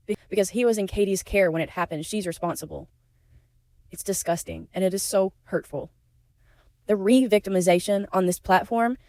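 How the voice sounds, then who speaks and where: This woman's lowish voice has a darkish, clear, resonant tone with no echo. A YouTube commentator, she delivers blunt, indignant takes, speaks openly about having been a victim, and curses when angered, at times nearly crying.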